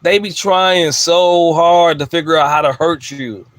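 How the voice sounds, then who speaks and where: Male host, profane emphatic rant, slightly high pitch, dry recording. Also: a little slow, a bit bright, no echo. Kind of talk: ranting monologue.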